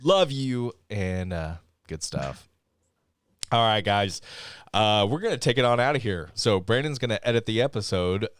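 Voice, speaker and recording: Lively, animated podcast co-host man. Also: fairly low pitch, normal speed. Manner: excitable, jokey, signing off. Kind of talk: casual live-stream chat.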